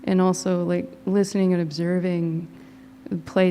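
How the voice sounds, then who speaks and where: A woman's voice: lowish voice, level tone, brisk, gravelly, warm tone, a little hiss or hum. A woman artist speaking thoughtfully on a gallery panel, musing and trailing off. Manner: thoughtful, trails off, casual fillers. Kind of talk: reflective panel discussion. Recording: hall reverb with faint ambience.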